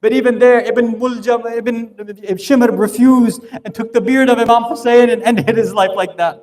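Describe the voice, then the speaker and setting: High-voiced man preaching a sermon. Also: steady tone, moderate pace, a little mellow. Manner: emotional storytelling, rising in intensity. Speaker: speaker at an Islamic center. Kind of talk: sermon narration.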